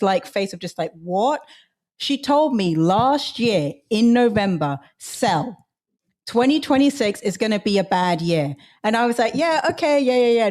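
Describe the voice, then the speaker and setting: Perempuan pembawa podcast yang bercerita santai. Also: female voice, mid-range voice, darkish tone. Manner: chatty storyteller, quick asides. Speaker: podcast co-host. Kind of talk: casual chat.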